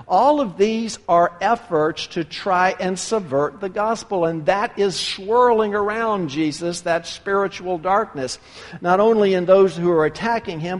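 Male pastor preaching an earnest sermon with deliberate pauses, bright high voice, recorded in a church with lingering reverb. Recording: long hall reverb.

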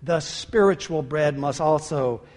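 A man's voice: fairly high pitch, a little slow, a little mellow. A man preaching a sermon with emphasis, addressing his listeners as brothers and sisters. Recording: long hall reverb.

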